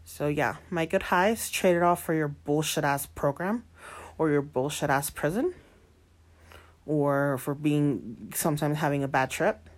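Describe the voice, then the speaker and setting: A woman's voice: sits low, measured pace. Defiant swearing woman in her late twenties. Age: 20s. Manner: heavy swearing, defiant, repeats herself; switches between English and Spanish. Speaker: single mother. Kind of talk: venting monologue to camera.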